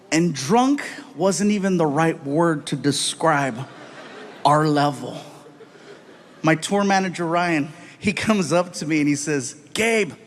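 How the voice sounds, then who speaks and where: A male stand-up comedian tells stories in a high, lively voice. He is animated and slips into characters as he goes, with faint noise behind him. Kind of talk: stand-up storytelling.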